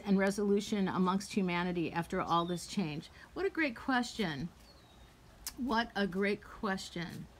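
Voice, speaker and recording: A woman giving tarot readings on a casual live stream, chatty and effusive, with casual swearing. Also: mid-range voice. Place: at home on a live video call.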